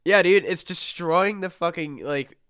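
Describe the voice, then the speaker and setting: A young man hosting a podcast, ranting and swearing through a casual chat. His voice sits a little high and comes through smooth and resonant, with a dry, close sound. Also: unhurried, fairly bright tone, dry recording. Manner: ranting, heavy swearing, many restarts. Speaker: podcast host.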